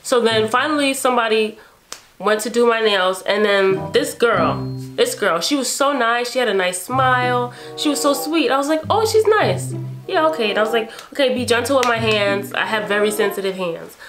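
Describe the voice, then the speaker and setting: Her voice is a little high and her speed normal. She's a twenty-something beauty vlogger from New York, loosely narrating a story with music in the background and playing out her reactions animatedly.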